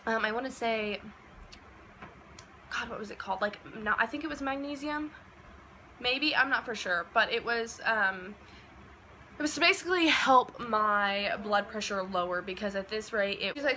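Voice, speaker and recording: A woman of about twenty telling a personal story in a casual, chatty way, with many "like" and "um" fillers, and acting out quoted lines in a lively, animated way. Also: mid-range voice, a little fast, slight background noise, rough recording. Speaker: vlogger.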